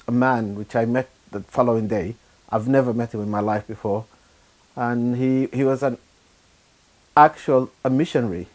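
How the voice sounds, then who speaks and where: A middle-aged man from Sudan, giving a personal testimony in a halting, unhurried way with frequent pauses and fillers. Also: mid-range voice, a little mellow. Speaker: churchgoer giving his testimony.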